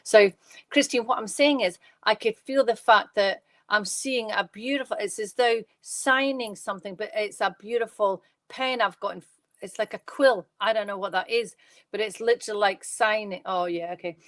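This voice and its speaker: Scottish lady medium doing live readings, talks fast and rambly, dry close sound. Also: mid-range voice, a bit bright, dry recording. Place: bedroom at home.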